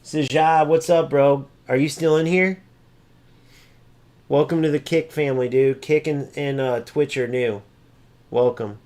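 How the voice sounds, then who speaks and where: A man's voice: fairly even intonation, measured pace, long pauses, darkish tone. A man streaming a football video game, ranting at chat and mocking opponents, swearing freely. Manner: mimics opponents in a high sneering voice. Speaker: gaming streamer. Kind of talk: live gameplay commentary and chat.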